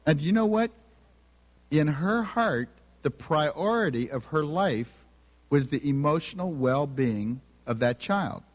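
A man's voice: a little high, lively intonation, takes it slowly. A middle-aged man giving a sermon full of humorous personal stories about his family, acting out their dialogue. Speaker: speaker on family and spiritual gifts. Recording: long reverb of a large hall.

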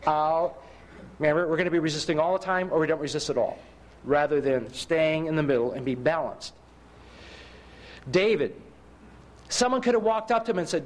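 A man's voice: on the high side, fairly quick, pauses often. A middle-aged man preaching a sermon, telling personal stories with self-mocking humor and asking his listeners rhetorical questions.

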